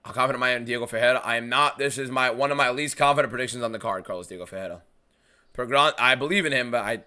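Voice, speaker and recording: Blunt American guy, bright forceful voice. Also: mid-range voice. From United States. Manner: blunt, swears freely, answers chat questions offhandedly. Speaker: streamer hosting a fight watchalong. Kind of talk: casual live-stream chat, reading viewer questions.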